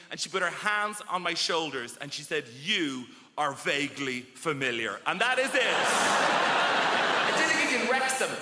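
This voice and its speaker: A man doing a stand-up comedy set on a theatre stage, animated and shouting his punchlines. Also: high voice. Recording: echoey theatre with loud crowd laughter.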